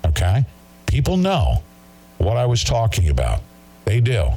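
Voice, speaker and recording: A man's voice: wildly swooping pitch, measured pace, dark tone. Agitated male talk show host ranting. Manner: agitated, ranting, mocking critics in high put-on voices. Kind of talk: heated monologue.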